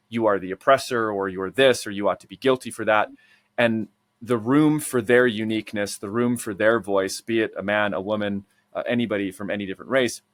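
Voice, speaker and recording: A man hosting a podcast, talking in a measured and articulate way with careful qualifications. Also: lowish voice, fairly bright tone, no echo. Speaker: podcast host. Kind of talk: casual conversational interview.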